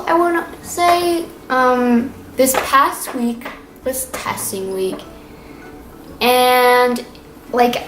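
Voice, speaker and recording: A woman's voice: on the high side, fairly bright tone. Chatty teen girl vlogger, rambling. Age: teens. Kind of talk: casual weekly vlog update. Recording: echoey room with faint noise.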